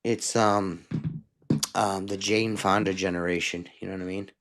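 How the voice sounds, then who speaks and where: Deep-voiced guy rambling, lots of you know what i mean. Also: flat delivery, normal speed, fairly bright tone. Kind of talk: casual chat.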